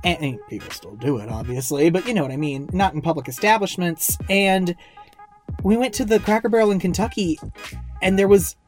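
Soft music plays behind this podcast co-host, a chatty Indiana woman in her twenties whose lowish, darkish voice moves fairly quickly. She rambles, laughs a lot, and slips into silly voices during the casual conversation.

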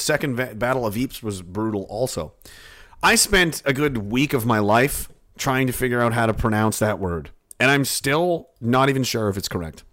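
Profane, animated joking man. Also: mid-range voice. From Canada. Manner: profane, joking, animated storytelling with shouted bits. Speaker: streamer reading chat. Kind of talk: casual rambling chat.

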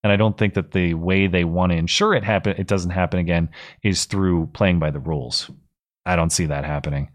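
A man's voice: low-pitched, fairly even intonation, a little fast. A man in his thirties hosting a live call-in stream, giving blunt, opinionated commentary with frequent restarts. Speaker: call-in show host.

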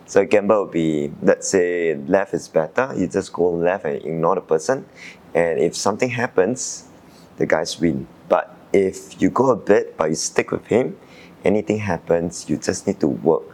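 A young man from Singapore, an Olympic sailor, calmly recalling his qualifying race in an interview, thoughtful with frequent fillers. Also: low voice. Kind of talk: reflective interview answers.

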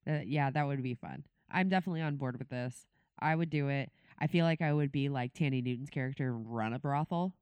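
A woman's voice: extremely low pitch, a little fast, a little mellow, clear, resonant tone, no room sound. A woman co-hosting a podcast in casual chat, laughing often and swearing freely. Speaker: podcast co-host.

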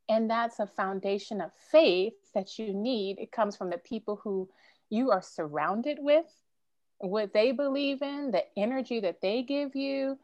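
A woman's voice: mid-range voice, no echo. Earnest woman with a dry close sound. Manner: earnest, emotional, faith-driven storytelling. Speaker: podcast guest. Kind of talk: candid interview conversation.

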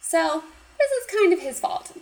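A woman casually recapping a cartoon episode, animated and giggly, acting out the characters' lines. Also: very high voice, a little slow, low-quality recording. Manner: animated retelling with acted quotes, giggly. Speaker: podcast co-host.

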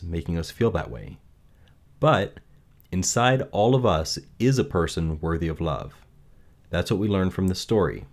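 Deep-voiced, measured male storyteller. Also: darkish tone. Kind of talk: storybook reading and reflection.

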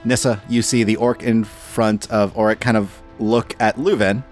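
A man narrating as game master of a tabletop role-playing game, with an animated delivery. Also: fairly low pitch, moderate pace, faint music behind.

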